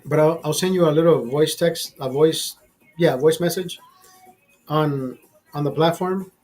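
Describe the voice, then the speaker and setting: A man's voice: a little high, unhurried, darkish tone. Guy ranting on a livestream, swears a ton, keeps restarting sentences, faint music behind. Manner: crude, profane and rambling with many restarts. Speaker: livestream host. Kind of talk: casual livestream chat.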